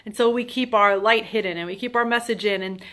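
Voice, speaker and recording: A woman's voice: medium pitch, a little fast, fairly bright tone. A woman in her thirties hosting a solo podcast, talking in a chatty, self-deprecating way and acting out little quoted thoughts. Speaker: podcast host. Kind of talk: casual solo podcast monologue.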